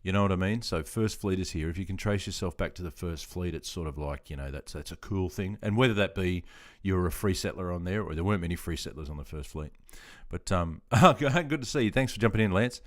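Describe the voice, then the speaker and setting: A man's voice: low-pitched, fairly quick, hardly any pauses. An Australian man in his fifties, chatting in a rambling, self-deprecating way while reading out chat on a gaming live stream. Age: 50s.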